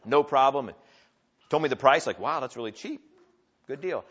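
A man preaching a sermon, telling a story with big swings from quiet asides to loud, excited lines. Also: mid-range voice, moderate pace. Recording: dull lo-fi sound.

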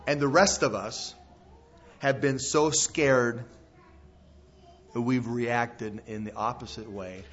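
A man's voice: mid-range voice, fairly even intonation, slow pace, pauses often. A male pastor preaching a sermon in a folksy, emphatic storytelling manner to a congregation in a church. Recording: dull lo-fi sermon recording.

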